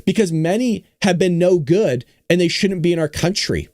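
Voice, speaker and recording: A man from California hosting a casual political commentary livestream, talking in an animated, sarcastic way with mock-dumb asides. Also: high-pitched, normal speed, hardly any pauses, no echo, studio quality. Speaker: host of a livestreamed political talk show.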